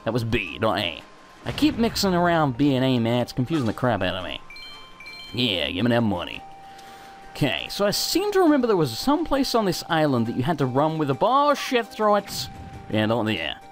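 Brief: young male let's play host, swears a lot, pitch swings wildly, soft game music under him. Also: normal speed. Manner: sweary, self-mocking, excitable. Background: faint game music.

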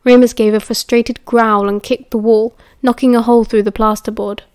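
British woman, steady audiobook narration, higher voice, dry close sound. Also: normal speed, smooth, dry recording. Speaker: audiobook reader.

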